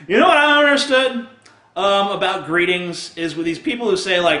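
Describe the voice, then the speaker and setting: A man with a somewhat high, forceful voice rants crudely and sarcastically straight to camera. He swears freely and laughs at his own jokes. The sound bounces around an echoey room. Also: normal speed, long pauses. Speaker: video blogger. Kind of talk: profane comic rant to camera.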